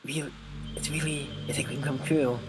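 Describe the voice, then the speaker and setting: A man's voice: a little high, fairly even intonation, normal speed, noisy background, close to an everyday voice. Man voicing a sweetly sinister lovestruck girl. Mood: wistful. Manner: soft, intimate, slightly menacing. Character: lovestruck young woman, sweetly sinister, obsessive. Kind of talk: reading game dialogue aloud. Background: game music.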